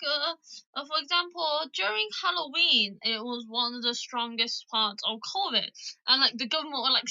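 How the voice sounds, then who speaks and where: A British-accented woman hosts a casual livestream chat. Her voice sits high and sounds bright. She switches easily between English and Chinese as she calls up callers. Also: normal speed, creaky, dull audio. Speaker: livestream host.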